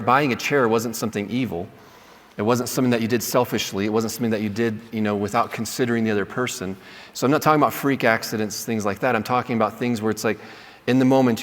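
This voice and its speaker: A man's voice: fairly low pitch, very fast. A man teaching a class in a conversational way, often checking in with "right?" as he explains a point. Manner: conversational, checks in with "right?", acts out sample apologies. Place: lecture hall. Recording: long hall reverb.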